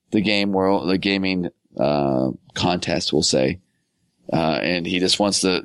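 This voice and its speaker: A man's voice: deep voice, fairly bright tone, clean tone, dry recording. A man co-hosting a gaming podcast, teasing and sarcastic in casual banter. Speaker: podcast co-host.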